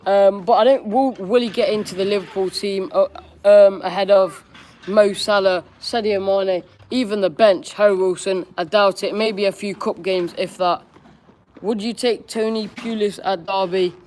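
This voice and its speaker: A man's voice: high-pitched, fairly even intonation, moderate pace, darkish tone, slight background noise. A young man hosting a live-stream Q&A, reading viewers' questions aloud and answering in a chatty, candid way with casual slang. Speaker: football fan streamer.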